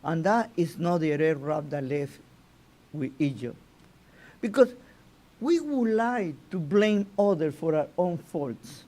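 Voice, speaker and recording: Slow talking rabbi guy, kinda high voice, casual torah class, lots of restarts and "you know?". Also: animated, mellow. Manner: halting, restarts phrases, often asks "you know?". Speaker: rabbi teaching the weekly Torah portion. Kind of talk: informal Torah lesson.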